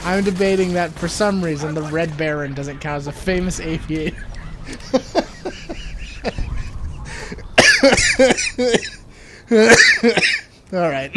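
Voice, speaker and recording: A man's voice: high-pitched, huge pitch swings, drawn-out words, pauses often, very noisy. A young man co-hosting a let's play, joking sarcastically and rambling while he has the hiccups. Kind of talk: casual gameplay banter.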